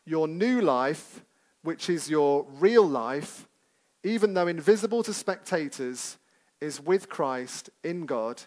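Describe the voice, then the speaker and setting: A man's voice: a little high, expressive, takes it slowly, darkish tone. A man preaching a sermon to a congregation in a church service, talking conversationally and putting questions to his listeners.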